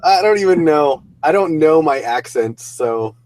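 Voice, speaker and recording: Livestream co-host, man, wisecracking, lively pitch, short dry quips. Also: measured pace, crowd noise, low-quality recording. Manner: teasing, brief quips, laughs often. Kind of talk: casual livestream chat.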